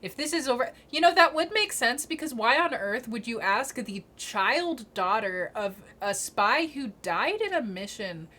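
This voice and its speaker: A woman's voice: on the high side, lively intonation, a little slow, few pauses, sharp tone. A woman streamer giving casual, joking commentary as she plays a mystery game. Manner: chatty, joking, reacting aloud with laughs.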